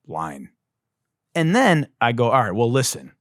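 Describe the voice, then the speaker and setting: A man hosting a podcast, telling a comic story as a profane, exasperated rant that bursts into shouting. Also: mid-range voice, a little slow, no room sound, clean studio sound. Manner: profane, exasperated, animated ranting with shouted outbursts. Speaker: podcast host.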